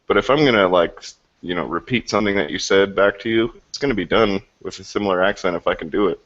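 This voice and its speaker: A man's voice: low-pitched, fast talker, a bit bright. A man bantering on a group call in a teasing, mocking way. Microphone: computer mic on video call. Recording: muffled online call audio.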